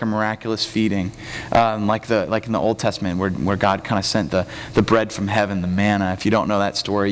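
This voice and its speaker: A man preaching a conversational sermon as the pastor of a church, telling the story casually and acting out the quotes. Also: lowish voice. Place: church sanctuary. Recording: reverberant church hall.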